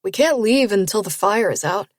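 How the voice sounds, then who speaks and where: A woman voicing a young man who tries to calm a tense argument. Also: medium pitch, moderate pace, no room sound, clean studio sound, close to an everyday voice. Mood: placating. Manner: trying to calm things down.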